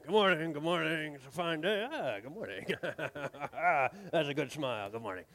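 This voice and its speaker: A man playing a ship's captain who leads a live audience, coaxing the crowd and bursting into theatrical shouts. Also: on the high side, animated, moderate pace, long reverb tail. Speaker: costumed ship-captain performer leading a live audience show. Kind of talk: live audience interactive storytelling.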